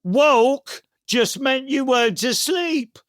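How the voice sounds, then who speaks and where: A man's voice: extremely high pitch, animated, takes it slowly, a bit bright, dry recording, clean studio sound, voice pushed up, full character voice. A man voicing a nostalgic old northern English man in a Northern English accent, reciting comic verse in a sing-song way.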